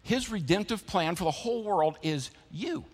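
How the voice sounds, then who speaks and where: A man's voice: sits high, expressive, moderate pace. A man preaching a sermon in a church, drawing in his listeners with rhetorical questions and call-and-response. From American South. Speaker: pastor. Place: church building. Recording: church sanctuary with long reverb.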